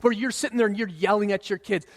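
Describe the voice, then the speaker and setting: A man in his thirties preaching a sermon in a relaxed, conversational way, sometimes acting out what people say. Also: sits high, fast talker. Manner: conversational preaching, acts out quoted voices. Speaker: pastor. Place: church sanctuary. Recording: long hall reverb.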